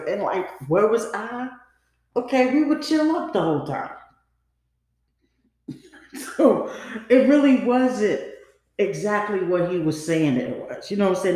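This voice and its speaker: A woman hosts a podcast and tells her own story in a loose, confiding way. She leans on "you know" and "like" and acts out the lines others said. Her voice sits at a middle pitch and rings in a very echoey room. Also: warm tone. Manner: casual, confiding, acts out quoted dialogue; frequent fillers like "you know" and "like". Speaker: podcast host. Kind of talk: personal storytelling.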